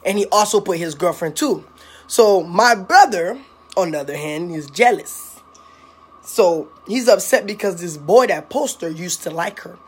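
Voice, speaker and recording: A woman's voice: on the low side, expressive, unhurried, husky. A woman chatting casually on a phone livestream at home, teasing and playfully consoling someone. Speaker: vlogger. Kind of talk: casual live-stream chat. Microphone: phone camera.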